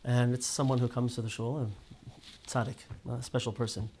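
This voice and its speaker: A man teaching a casual Torah class to a small group. He tells stories with lively ups and downs, restarts often and keeps asking "right?". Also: medium pitch, normal speed, a little hiss or hum. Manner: lively storyteller, many restarts and "right?" tags.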